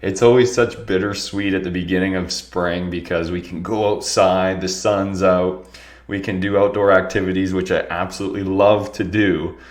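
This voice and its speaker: A man's voice: low-pitched, steady tone, normal speed, reverberant. A young man hosting a solo podcast, speaking in an earnest, open way, his voice nasal and congested from allergies. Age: young adult. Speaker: podcast host.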